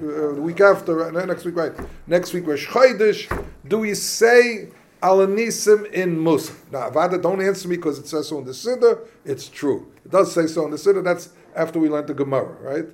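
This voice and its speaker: Man, Talmud class lecture, high-pitched, thinks aloud, asks questions. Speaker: Talmud teacher.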